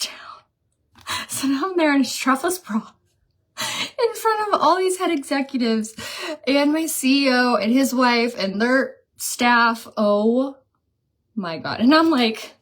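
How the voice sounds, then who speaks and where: A woman's voice: fairly high pitch, lively intonation, slow pace, long pauses. A woman chatting casually during a live makeup stream, reading viewer comments aloud and telling stories. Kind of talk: casual live chat while doing makeup.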